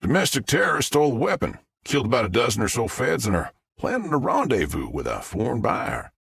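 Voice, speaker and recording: A man doing a gruff, wary sheriff. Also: medium pitch, huge pitch swings, a little fast, a bit bright, dry recording, clean studio sound, pitched above the performer's own voice, full character voice. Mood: skeptical. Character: wary small-town sheriff, man, grim and skeptical.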